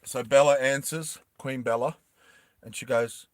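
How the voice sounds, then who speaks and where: A man's voice: mid-range voice, fairly even intonation, unhurried, dry recording. A man casually retelling a movie plot, rambling, self-conscious and laughing often. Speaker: storyteller.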